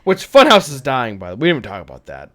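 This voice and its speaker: A man's voice: mid-range voice, wildly swooping pitch, very fast, a crowd in the background. A man co-hosting a livestream podcast, jokey and playful, tossing in mock dramatic lines. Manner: jokey, throws in mock quotes and pirate calls. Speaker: podcast co-host. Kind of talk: casual livestream chat.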